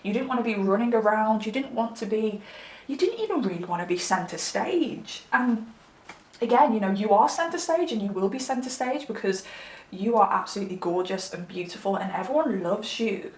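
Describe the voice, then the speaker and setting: A woman's voice: mid-range voice, lively intonation, fairly quick. A woman reads tarot for her viewers in a chatty, affectionate, rambling way, full of fillers and asides. She sounds slightly under the weather. Her mid-range voice bounces around an echoey room. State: slightly unwell. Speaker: tarot reader. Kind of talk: pick-a-card tarot reading.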